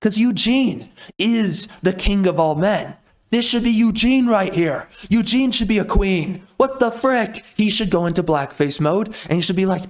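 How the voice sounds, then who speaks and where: A man's voice: high-pitched, normal speed. A man giving a comedic trailer reaction, ranting in an exasperated, indignant way with mild swearing. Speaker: video reactor.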